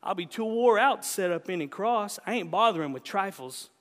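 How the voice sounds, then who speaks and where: A detached young country boy answers in a dry, offhand way, as a man reading a story puts him on. The voice is raised high and rings in a hall with a long reverb. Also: animated, a little fast.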